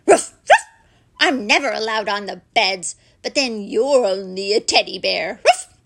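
A woman's voice: mid-range voice, normal speed, gravelly, a bit bright. A woman putting on a yapping rude little dog. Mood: rude, boastful. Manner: barks between every few words. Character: loud boastful rude little male dog.

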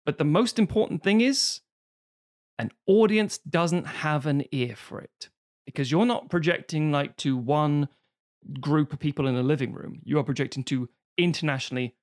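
A man co-hosting a podcast in casual chat, animated and swearing casually as he acts out quoted voices. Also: a little high, normal speed. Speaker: podcast co-host.

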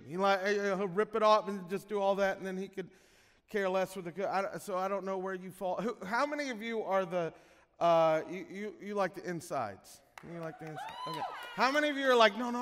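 A man in his thirties leads a church service in a high, bright voice, chatty and teasing with the congregation. His words ring out with the long reverb of a large church hall. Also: slight background noise. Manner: playful, chatty, teasing the crowd. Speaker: pastor. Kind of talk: sermon opening, casual and joking with the congregation.

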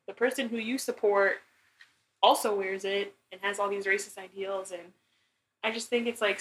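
A woman's voice: medium pitch, a bit bright, a little hiss or hum, rough recording. A young woman co-hosting a casual chat, blunt and exasperated, with lots of "like" and restarts. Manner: blunt, exasperated, heavy filler use. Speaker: co-host.

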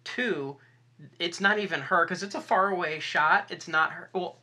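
A woman with a low, husky voice chatting on a podcast about a movie. She lays out her thoughts methodically, point by point, with a somewhat bright tone. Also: normal speed. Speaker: podcast co-host. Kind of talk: casual movie review chat.

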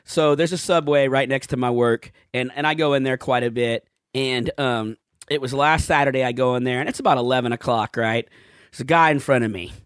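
A man's voice: medium pitch, a bit bright, clean tone, no echo. A man co-hosting a podcast, ranting animatedly in casual chat, swearing freely, with a close microphone.

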